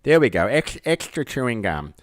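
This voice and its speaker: A man's voice: mid-range voice, big pitch swings, moderate pace, no room sound, studio quality. A man with an Australian accent hosting a casual live-streamed call-in show, rambling and joking at his own expense, speaking outdoors at night under spotlights. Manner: rambling, jokey, self-mocking banter.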